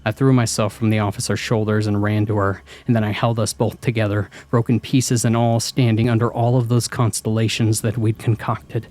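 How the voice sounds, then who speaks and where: Low-voiced man narrating a horror story. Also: flat delivery, brisk, few pauses, a little mellow.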